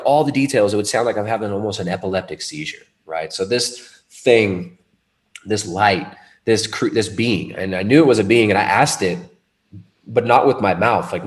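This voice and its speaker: Low-voiced man telling a rambling story. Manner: rambling, animated, with restarts and laughs. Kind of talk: casual conversation, personal storytelling.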